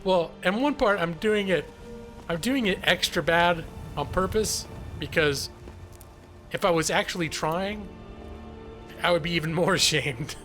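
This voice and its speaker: Chatty man streaming a game, slightly high voice. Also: unhurried, long pauses, a bit bright, soft background music. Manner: chatty, joking, self-deprecating. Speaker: gaming streamer. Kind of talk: live gameplay commentary.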